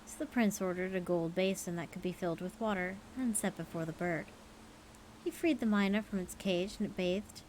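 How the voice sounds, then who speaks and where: A woman streaming, reading folk stories aloud in a relaxed, playful way. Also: fairly low pitch, moderate pace, a little hiss or hum, rough recording. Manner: casual, playful, tired late in the stream. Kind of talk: storytelling livestream.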